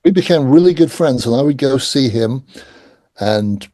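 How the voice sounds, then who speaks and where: Middle-aged male guest, animated raconteur, dark mellow tone, dry sound. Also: medium pitch, normal speed, dry recording. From England. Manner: animated anecdotes, acts out quoted voices. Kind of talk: casual storytelling interview.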